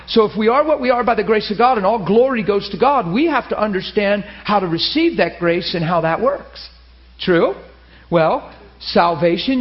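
Male pastor, high voice, animated storyteller, dull lo-fi sermon recording. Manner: animated storytelling, laughing, high excited asides.

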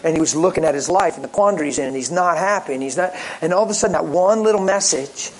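A male pastor preaching with lively stories, joking and acting out the callers he talks about. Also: on the high side, fast, poor audio. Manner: lively, jokey, acts out callers in voices. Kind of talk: sermon with storytelling.

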